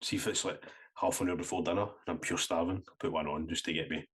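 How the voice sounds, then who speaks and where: A Scottish man with a low, husky voice chats on a podcast. He fires off quick questions and laughs easily in casual banter. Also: little pitch movement. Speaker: podcast co-host. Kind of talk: casual chat.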